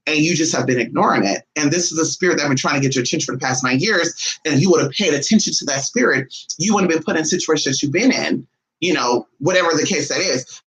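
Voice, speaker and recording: A woman spinning a casual storytime for her viewers in a lively, unfiltered way. She swears freely and jumps into high, dramatic voices whenever she quotes someone. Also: fast, rough recording. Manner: animated, blunt and profane, acts out others' lines with big pitch jumps. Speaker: spiritualist vlogger.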